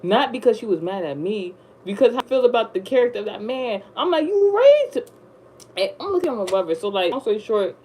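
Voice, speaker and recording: A woman telling a rambling storytime in casual slang, jumping up high when she acts surprised. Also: quick pace, hardly any pauses, husky, poor audio. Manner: rambling, slangy, animated retelling. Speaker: vlogger.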